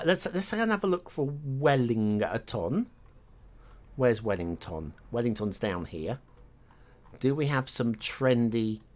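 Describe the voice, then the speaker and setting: A man muses aloud at an unhurried, halting pace while playing a guessing game, often trailing off as he talks to himself. His voice sits at an ordinary middle pitch. Mouse clicks and keyboard typing tick along behind him. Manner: musing, hesitant, talks to himself. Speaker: game streamer.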